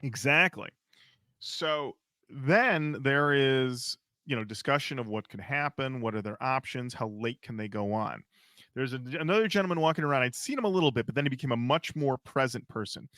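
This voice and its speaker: A podcast co-host chats casually, telling an animated backstage story and acting out what people said. His voice is mid-range and his pace moderate, with no echo in the recording.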